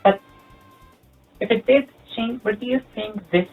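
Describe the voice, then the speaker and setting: A comedy youtuber rambling through a sarcastic, animated monologue. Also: medium pitch, a little slow, husky. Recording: tinny lo-fi sound with faint music.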